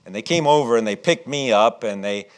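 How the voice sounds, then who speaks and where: A middle-aged man preaching a sermon and telling a childhood story, animated and acting out what people said. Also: mid-range voice, brisk, clean tone. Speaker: pastor.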